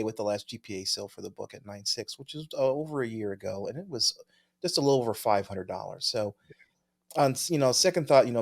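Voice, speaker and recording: Man, podcast co-host, casual chat, easygoing, chuckles often, thinks aloud, reads viewer mail. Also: lowish voice.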